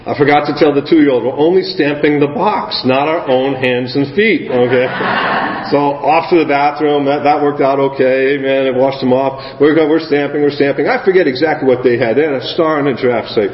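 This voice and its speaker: A man preaching a sermon, telling a lively story and acting out children's voices. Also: medium pitch, moderate pace. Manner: animated storyteller, acts out kids' voices. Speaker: guest preacher. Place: church sanctuary. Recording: echoey hall, slightly dull sound.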